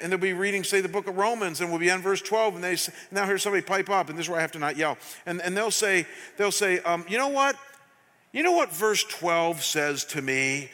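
A middle-aged male pastor delivers a fervent sermon with a fairly high, very bright and forceful voice. He drives his points home, keeps putting questions to the congregation, and his words ring out with a long hall reverb. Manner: passionate, emphatic, asks the congregation questions. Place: church sanctuary.

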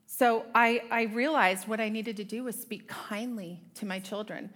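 A woman's voice: fairly high pitch, normal speed, hardly any pauses, a bit bright. A middle-aged woman giving a conversational Bible teaching talk to a women's group, with self-deprecating asides to her audience. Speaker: women's ministry speaker.

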